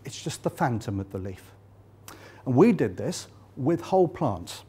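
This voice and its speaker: A man's voice: medium pitch, very animated, unhurried, warm tone, husky. An older Englishman with an English accent giving a chatty, joking lecture at a conference, with many fillers. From England. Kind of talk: live conference lecture with slides. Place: conference hall.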